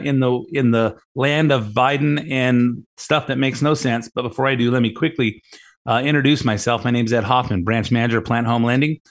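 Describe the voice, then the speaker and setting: A middle-aged man hosting a talk radio show, rambling in a casual monologue, often repeating words and retelling conversations with emphasis. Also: mid-range voice. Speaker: radio show host and mortgage lender.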